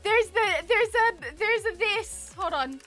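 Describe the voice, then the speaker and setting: A young woman streamer chatting casually, giggling often and talking in a frantic, excitable way. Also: extremely high pitch, takes it slowly, soft background music. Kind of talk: casual live stream chat.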